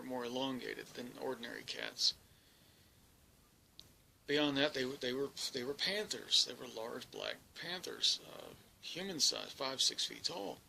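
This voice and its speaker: Gravelly man telling a halting story. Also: mid-range voice, bright, forceful tone, a little hiss or hum, poor audio. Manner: halting, frequent restarts and searching for words. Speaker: experiencer recounting an encounter. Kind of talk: first-person storytelling monologue.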